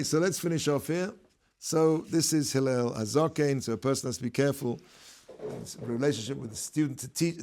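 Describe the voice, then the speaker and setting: A man, a rabbi, giving a relaxed, conversational Torah lesson, telling stories and mixing in Hebrew terms. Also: mid-range voice, creaky. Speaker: rabbi teaching a class.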